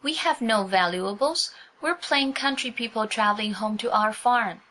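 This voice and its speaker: A timid older chaperone squeaks out her words in a thin, raised voice, voiced by a woman reading a storybook. She is fussy and easily alarmed. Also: moderate pace, sharp tone. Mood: frightened.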